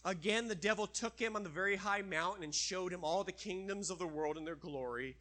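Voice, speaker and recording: A man's voice: sits high, a little fast, pushed and bright. A man preaching a sermon, acting out quoted voices and dropping to a near whisper at times.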